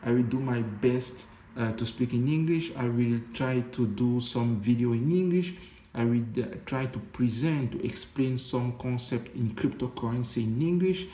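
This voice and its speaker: A young African man speaking with a French accent in a casual vlog monologue, halting, with many restarts and fillers. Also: medium pitch, dark tone, echoey room, slight background noise. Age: young adult. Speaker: vlogger.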